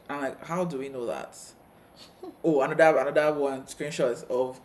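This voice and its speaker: A man's voice: mid-range voice, steady tone. Chatty man recapping a reality show. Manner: chatty, retells scenes with quick asides and laughs. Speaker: co-host of a TV review channel. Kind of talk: casual reaction chat.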